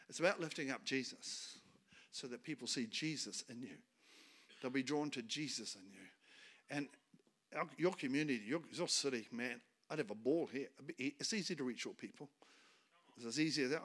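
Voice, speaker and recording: A man preaching a sermon as a guest speaker, colloquial and emphatic, speaking in short bursts and swinging from quiet talk to loud declarations. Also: medium pitch.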